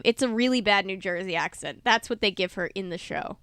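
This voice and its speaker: A woman's voice: medium pitch, fairly quick, hardly any pauses, clean tone, no echo, clean studio sound. A woman reading a manga adaptation aloud in a casual, playful way, adding her own asides and laughing between passages. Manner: playful, laughs between lines, animated quoted voices.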